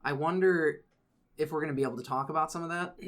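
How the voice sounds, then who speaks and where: A man's voice: fairly high pitch, brisk, a bit bright. Laid-back man telling stories. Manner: laid-back storyteller, dry humor. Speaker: podcast co-host. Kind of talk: casual chat.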